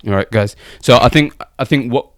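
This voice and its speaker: A man's voice: medium pitch, brisk, no room sound, clean studio sound. A man co-hosting a casual podcast, steering the topic and thinking aloud with repeated words. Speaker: podcast co-host. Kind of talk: casual discussion.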